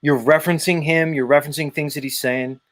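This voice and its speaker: A man's voice: fairly high pitch, steady tone, quick pace, fairly bright tone. A man hosting a casual podcast chat, swearing freely and goading a viewer in a ranting, profane way. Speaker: podcast host.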